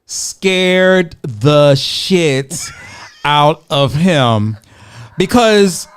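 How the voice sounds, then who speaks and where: A man tells a rambling, funny story on a podcast with a slightly high voice, acting out the people in it and breaking into laughter. His voice stays smooth and clear. The talk is loose and full of fillers. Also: very slow. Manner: lively storyteller, acts out quoted voices, laughs often, many fillers. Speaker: podcast co-host. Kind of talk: casual storytelling chat.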